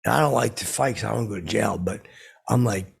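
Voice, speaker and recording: A man's voice: fairly low pitch, a little fast. A man hosting his own podcast, telling boastful comic stories in a meandering way with lots of fillers. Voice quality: gravelly, raspy. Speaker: podcast host. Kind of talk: rambling comic storytelling.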